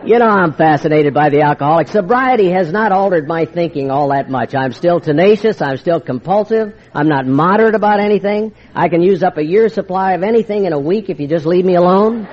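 A wry, confiding older man shares his story with a meeting, slipping into the voices of old arguments as he goes. His voice sits a little high for a man. The recording is dull and lo-fi, as if from an old tape. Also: brisk, few pauses. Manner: wry, confiding storyteller who acts out quoted exchanges. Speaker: speaker sharing his recovery story. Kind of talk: storytelling talk to a recovery meeting.

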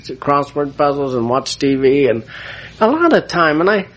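A man's voice: fairly high pitch, moderate pace, a little hiss or hum. A man, a priest, giving an emotional personal testimony about his recovery. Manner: emotional, animated storyteller.

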